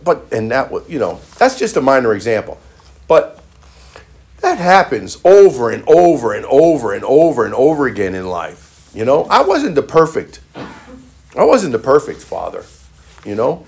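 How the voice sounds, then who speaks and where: A man's voice: mid-range voice, big pitch swings, moderate pace, slightly rough. A male pastor preaching a sermon emphatically, with repeated phrases and frequent restarts.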